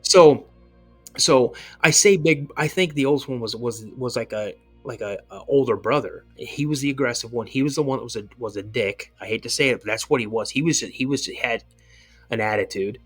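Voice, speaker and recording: An earnest man recounts his own experience as a podcast guest, in a mid-range voice. His telling is casual and rambling, and he circles back over the same words to stress a point. Soft music sits quietly behind him. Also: mid-range voice, normal speed, breathy edge. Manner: earnest, rambling, repeats himself for emphasis. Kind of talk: casual first-person storytelling.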